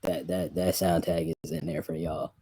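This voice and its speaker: A man's voice: deep voice, big pitch swings, normal speed, gravelly, warm tone, husky, dry recording. A man who makes beats, casually chatting on his stream about his old producer tags, rambling and restarting his sentences. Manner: rambling, restarts often, laughs while telling stories.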